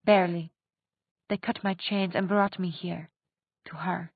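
A woman's voice: lowish voice, fairly even intonation, measured pace, dry recording. A woman doing a trembling captive vampire. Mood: frightened. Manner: small, trembling voice. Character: frightened female vampire in chains. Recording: dry tinny phone-like sound.

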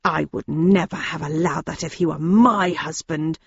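A woman reading the part of a bitter, jealous middle-aged woman who heads a convent, speaking slowly and low with grudging insults. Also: steady tone, slightly rough, no room sound, dull audio, exaggerated voice. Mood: resentful.

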